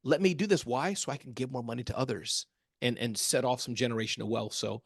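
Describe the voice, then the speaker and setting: A man talking as a guest in a casual interview, animated and acting out little quotes as he tells stories. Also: mid-range voice, fast, gravelly, no echo, clean studio sound. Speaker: guest, small business speaker.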